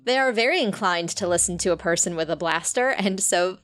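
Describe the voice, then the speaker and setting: A woman's voice: fairly low pitch, expressive, fairly quick, a bit bright, soft background music. A woman narrating a tabletop role-playing game as game master in the second person.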